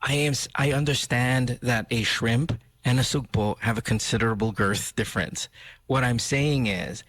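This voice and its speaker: Bright-voiced man joking on air. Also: mid-range voice, moderate pace, no echo. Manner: playful, jokey, animated. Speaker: radio host. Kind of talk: casual radio banter. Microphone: studio microphone.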